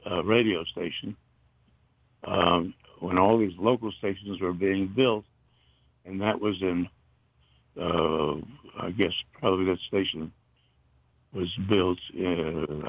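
An older man from North Carolina, a retired broadcaster, reminiscing in a halting, rambling way with many fillers. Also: low voice, dry recording. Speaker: interview guest, retired broadcaster. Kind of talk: casual reminiscing. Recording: dull, muffled dry recording.

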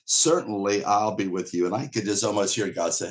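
Male pastor, lowish voice, earnest emphatic sermon delivery with acted-out quotes. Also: a little fast, few pauses.

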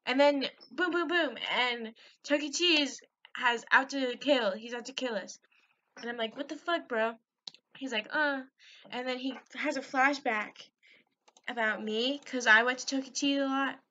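A woman's voice: sits high, fairly even intonation, moderate pace, bright, forceful tone, highs cut off, slight background noise. A woman hosting her own podcast, giggly and rambling, recapping a video with lots of fillers and swearing. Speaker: podcast host. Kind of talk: rambling solo podcast chat. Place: at home, on a call with a friend.

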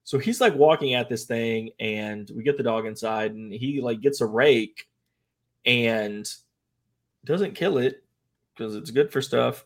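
A young man from the American Midwest, co-hosting a casual podcast and telling stories with lively, acted-out quotes. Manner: animated storyteller, acts out quotes in a high voice. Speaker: podcast co-host. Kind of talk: casual chat.

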